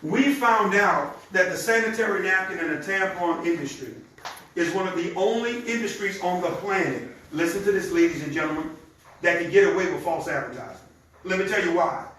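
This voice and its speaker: A man with a high, bright voice runs an energetic live sales pitch and speaks straight to his listeners. He is picked up from a distance in a very echoey room, with faint noise behind him. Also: brisk. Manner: energetic and conversational, talks straight to the audience. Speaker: presenter of a product demonstration.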